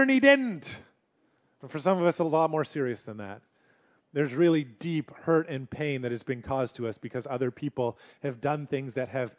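A man preaching a sermon as pastor, earnest, moving between emphatic passages and hushed ones. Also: on the high side.

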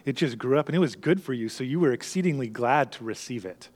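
A man's voice: medium pitch, animated, fast, darkish tone. A man preaching a sermon to his congregation, earnest and conversational, explaining a passage and pressing its point. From Canada. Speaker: pastor. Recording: reverberant hall.

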